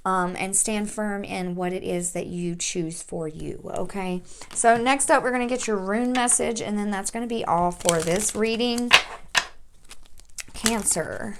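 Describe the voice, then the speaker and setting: A woman reading tarot at home, talking slowly and with emphasis as she reads card messages aloud. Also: mid-range voice. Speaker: tarot reader. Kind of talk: spiritual tarot reading to camera.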